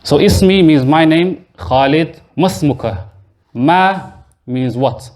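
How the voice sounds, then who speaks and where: A man's voice: a little high, takes it slowly, a little mellow. A man teaching a classroom grammar lesson in a mosque, explaining patiently step by step and quizzing his students. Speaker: Arabic teacher.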